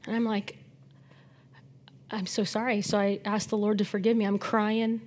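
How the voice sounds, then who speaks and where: A woman preaching a sermon, animated, moving between loud emphasis and soft near-whispered asides, chatting with the congregation now and then. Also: mid-range voice, normal speed, long pauses.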